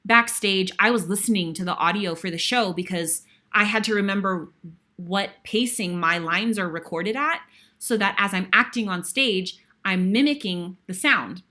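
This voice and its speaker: A woman's voice: medium pitch, normal speed, pushed and bright. A woman in her thirties, a guest host, telling a stage story with lots of emotion and some sighs. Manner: emotional, breathless retelling with sighs. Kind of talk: animated storytelling.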